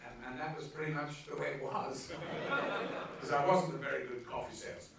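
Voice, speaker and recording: A man from Liverpool spins lively stories at a live cinema Q&A, slipping into the voices of the people in them. His voice sits a little high for a man. He is heard from a distance in an echoey theater, with faint noise underneath. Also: measured pace, gravelly, pauses often, a loud crowd. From Liverpool, England. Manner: lively storyteller who acts out quoted voices. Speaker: guest actor at a Q&A. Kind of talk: live stage Q&A anecdote. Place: cinema auditorium with audience.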